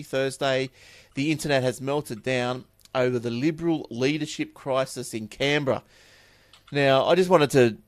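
A man's voice: mid-range voice, dry recording. Aussie guy hosting a tech show, reads news stories w/ offhand asides, dry close sound. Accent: Australian. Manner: chatty, offhand asides and repeated words. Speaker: tech podcast host reading news stories. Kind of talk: casual chat and news reading.

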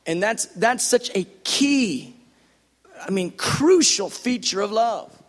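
A middle-aged man with a high, light voice delivers an impassioned sermon, stacking repeated phrases until he is nearly shouting, then sinking to a hush. His voice rings with a long hall reverb. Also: expressive, slow. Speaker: preacher.

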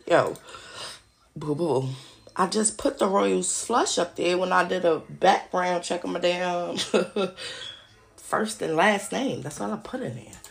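A woman with a fairly low, gravelly voice and a breathy edge hosts a podcast, delivering an agitated, profane, casual monologue straight to her listeners.

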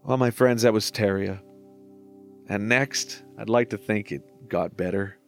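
A man in his forties with a somewhat low voice, reflecting on his own music in a relaxed podcast monologue. He is candid and self-deprecating and swears casually. Faint music plays underneath. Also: a little slow. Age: 40s. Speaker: musician talking through his own albums.

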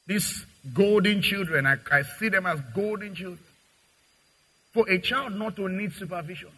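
A middle-aged male pastor preaching a sermon, acting out little dialogues and swinging from quiet to loud. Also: sits high, moderate pace, breathy edge, rough recording. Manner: preaching with dramatic acted-out dialogue and big swings in loudness.

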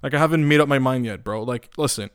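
In a dry, studio-quality recording, a young Eastern European man talks quickly in a clean, mid-range voice. His casual rant is animated and profane, riddled with restarts and filler words.

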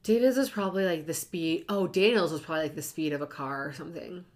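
Giggly woman, low-pitched chat. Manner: giggly, quick to laugh. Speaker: podcast co-host. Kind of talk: casual chat.

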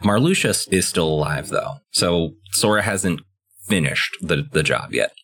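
Low-voiced excitable podcast co-host man. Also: unhurried, slightly rough. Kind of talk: casual chat recapping a video game.

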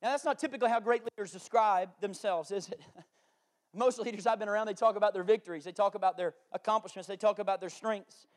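A male pastor delivering a sermon, moving between loud, emphatic declarations and quiet storytelling. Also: high-pitched, fairly even intonation, quick pace. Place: church.

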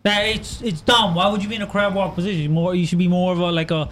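Male podcast co-host, high voice, steers the chat, faint hiss behind. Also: fairly even intonation, fast talker, a bit bright. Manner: reads facts aloud, keeps steering back to the topic. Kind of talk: casual chat.

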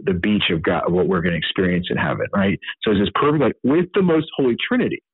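A man's voice: sits low, expressive, fast talker, breathy edge, no echo. A man hosting a Catholic teaching podcast, speaking earnestly off the cuff with many fillers and restarts. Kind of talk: unscripted teaching commentary. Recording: dry, phone-like sound.

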